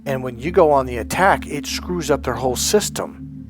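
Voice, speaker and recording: A man's voice: medium pitch, expressive, moderate pace, over music. A man giving a blunt, emphatic motivational monologue as a life coach, often acting out the voices he quotes.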